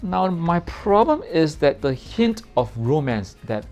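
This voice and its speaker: A man's voice: on the high side, sing-song, slow, a little mellow, soft background music. A man giving a casual spoken film review in a playful way, repeating words for comic effect.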